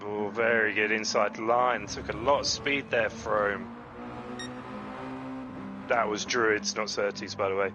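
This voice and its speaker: A man commentating on an online sim racing league in a chatty, self-deprecating way, often breaking into excited exclamations. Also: lowish voice, a little slow, pauses often, lo-fi sound, noisy background. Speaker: race commentator.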